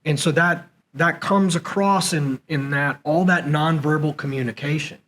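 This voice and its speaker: At a moderate pace, a former SEAL leader with a fairly high voice relaxes into conversation as a podcast guest at a conference venue, acting out quoted dialogue while sharing stories of his time leading in the military. The audio is poor.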